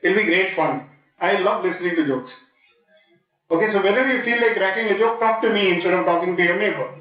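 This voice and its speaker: A man's voice: high-pitched, fast. Joking Indian man in echoey hall. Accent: Indian English. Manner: playful, joking, quizzing the audience. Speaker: guest speaker. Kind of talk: motivational talk to students. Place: large lecture hall. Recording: echoey hall, distant dull mic.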